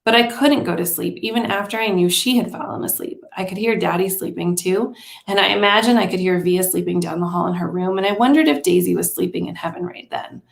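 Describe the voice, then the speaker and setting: Gravelly woman reading a story aloud. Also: fairly low pitch. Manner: calm, measured read-aloud. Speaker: teacher. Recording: roomy echo.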